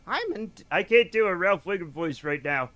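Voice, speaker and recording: A man streaming a video game live, chatting to viewers in an excitable way with loud bursts of enthusiasm. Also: high voice, normal speed.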